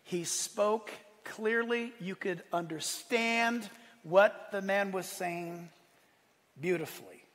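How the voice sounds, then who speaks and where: A man preaching a sermon, lively, acting out quotes and asking his listeners questions. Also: sits high, slow pace, long reverb tail. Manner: animated preaching, acts out quotes, asks the room. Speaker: pastor.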